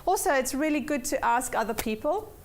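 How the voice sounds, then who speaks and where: High-voiced upbeat woman teaching a class. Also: expressive, brisk. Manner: upbeat, checks in with the class, repeats for emphasis. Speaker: personal development course teacher. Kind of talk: weekly workshop lesson to a class.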